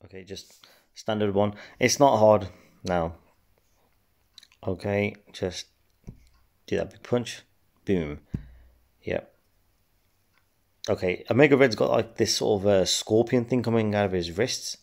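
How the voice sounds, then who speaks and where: Brief: gaming host, low-pitched, gravelly, laid-back rambling commentary. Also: male voice, takes it slowly, long pauses. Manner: relaxed, rambling, many fillers. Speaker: game channel host. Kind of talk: casual gameplay commentary.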